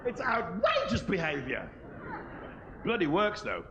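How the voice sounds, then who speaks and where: A man in his thirties doing live stand-up comedy, animated and cheeky, acting out little voices. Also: high-pitched, a little slow, a little hiss or hum. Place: large theatre stage. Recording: roomy lo-fi VHS stage recording.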